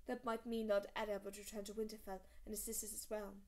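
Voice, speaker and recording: A woman reading a fantasy novel aloud as an audiobook narrator, steady and measured. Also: mid-range voice. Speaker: audiobook reader.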